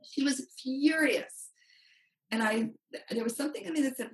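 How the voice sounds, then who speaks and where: A woman who works as a money coach tells a story as a podcast guest, animated and acting out quotes. Her voice is high-pitched and moderately paced, recorded in a roomy space far from the mic.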